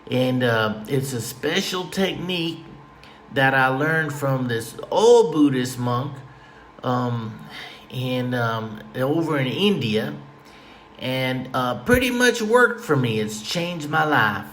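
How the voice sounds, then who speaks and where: A man's voice: mid-range voice, lively intonation, slow pace, fairly bright tone, slight background noise. A man hosting a podcast, talking in a folksy, tongue-in-cheek ramble that drifts off topic late at night at home. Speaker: podcast host. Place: room at home with a fan.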